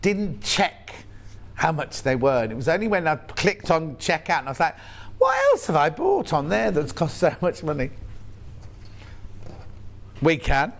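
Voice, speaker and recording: A man's voice: on the high side, sing-song, a little slow, vocal fry, long pauses. A man with a Yorkshire accent presenting live on a shopping channel, chatty and playful with jokey asides.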